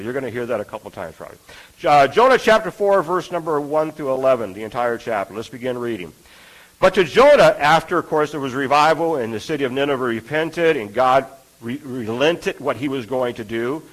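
A man's voice: a little high, low-quality recording. A man preaching a sermon in an earnest, conversational way, often asking his listeners rhetorical questions.

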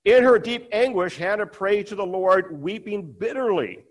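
A man with a notably high voice delivers a sermon in an easy, conversational way. He retells the scripture passage with asides, and he voices the characters' lines by pushing his pitch higher. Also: moderate pace. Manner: conversational, acts out quoted dialogue with rising pitch. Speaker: preacher.

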